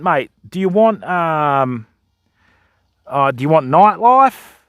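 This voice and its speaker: A man's voice: fairly high pitch, lively intonation, slow, a bit bright, clean tone, dry recording, clean studio sound. A middle-aged man with an Australian accent, chatting casually and joking with viewers on a livestream. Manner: laid-back, joking, chatty. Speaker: fishing livestreamer.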